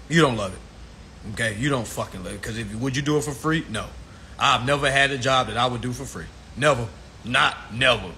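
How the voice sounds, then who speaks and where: Male livestream ranter, preachy and profane, bright tone, faint room hiss. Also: fairly high pitch. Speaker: livestream host. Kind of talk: ranting casual livestream monologue. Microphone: phone livestream.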